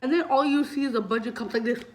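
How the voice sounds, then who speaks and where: A woman's voice: on the high side, fast talker, slight background noise. A young adult woman vlogger telling a casual story, chatty and full of fillers, swearing freely. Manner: chatty, heavy use of "like" and swearing; animated retelling, voices loud when acting out scenes.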